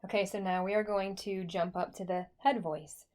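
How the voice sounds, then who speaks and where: A woman's voice: mid-range voice, steady tone, moderate pace, darkish tone. A woman voice teacher talking through a singing lesson in a chatty, encouraging way, with many likes and okays.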